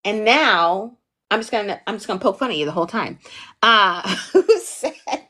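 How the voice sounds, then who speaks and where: With an expressive, sharp-toned mid-range voice at normal speed, this young woman from the US East Coast leads a laid-back livestream lesson on pitching TV. She chats playfully, digresses a lot, and repeatedly asks "okay?"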